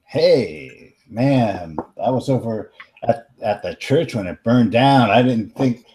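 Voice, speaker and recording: A man's voice: mid-range voice, expressive, takes it slowly, dark tone. A young man with a New York accent playing his character in a tabletop game, brash and swearing. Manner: brash, swearing, streetwise talk. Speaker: player. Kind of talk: in-character tabletop role-play.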